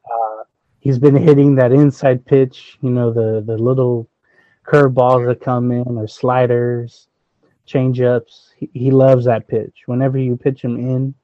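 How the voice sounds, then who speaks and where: A man chatting about baseball, pausing often with fillers as he works out his thoughts. His pitch is middling, and his voice comes through a dull, lo-fi mic with almost no room sound. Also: level tone, no room sound. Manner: hesitant, many fillers, thinks aloud. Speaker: sports podcast co-host. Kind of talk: casual baseball chat.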